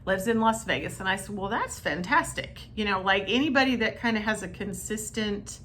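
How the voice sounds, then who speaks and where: A woman massage therapist telling a story to camera in a chatty, animated way, talking straight to her viewers. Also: medium pitch, brisk, a little hiss or hum. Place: her treatment room.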